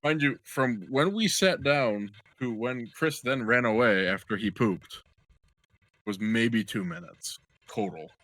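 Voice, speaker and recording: A young man co-hosting a podcast, telling a long crude anecdote in an animated, joking way. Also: medium pitch, slow pace, no room sound. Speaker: podcast co-host. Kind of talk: casual storytelling chat.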